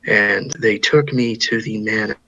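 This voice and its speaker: A man's voice: lowish voice, unhurried, vocal fry, sharp tone, muffled recording, a little hiss or hum, exaggerated voice. A man voicing a nervous male orc adventurer in a tabletop game, hesitant and jittery. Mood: uneasy.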